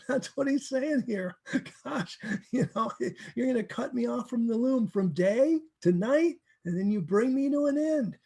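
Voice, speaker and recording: A man teaching from the Bible in a casual, animated way, acting out verses and laughing often. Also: high-pitched, gravelly, breathy edge.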